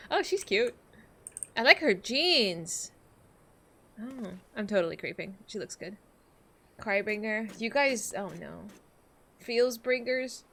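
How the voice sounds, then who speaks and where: A woman's voice: a little high, expressive, slow pace, pauses often, fairly bright tone. A woman streaming a game, chatting casually and giggling with her viewers. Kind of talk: casual live-stream chat.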